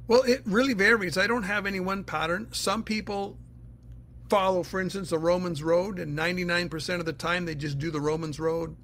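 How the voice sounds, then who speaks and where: A man's voice: sits high, a little fast, a bit bright, slight background noise. A man teaching the Bible in a casual, earnest way, answering listener questions and explaining step by step.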